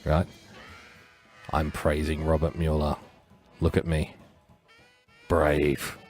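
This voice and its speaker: A man with a very deep voice hosts a casual livestream, thinking out loud and drifting from point to point. He cracks jokes and chuckles at his own asides. Faint music plays behind him. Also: monotone, a little slow. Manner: rambling, joking, chuckling asides. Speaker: livestream host.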